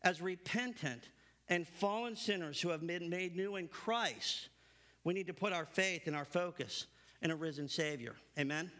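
A man preaching a sermon, reading scripture aloud and then stressing his points with building emphasis. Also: moderate pace. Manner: emphatic, builds to animated high-pitched stresses; reads scripture aloud between remarks.

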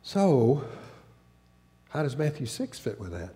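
A male pastor, raised in the American South and with a faded Southern accent, preaching a sermon in an earnest, halting way full of restarts and repeated words. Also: medium pitch, big pitch swings, mellow. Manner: earnest, with occasional laughter.

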